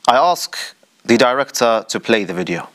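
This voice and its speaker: A man's voice: medium pitch, expressive, moderate pace, a bit bright. A man hosting a religious commentary show, speaking in a rhetorical way, addressing the audience directly with dramatic emphasis. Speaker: show host.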